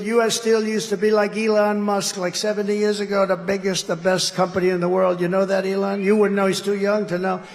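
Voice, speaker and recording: A man's voice: sits high, big-room sound. A man giving a campaign rally speech, rambling and repetitive with boastful asides. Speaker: political candidate addressing a rally.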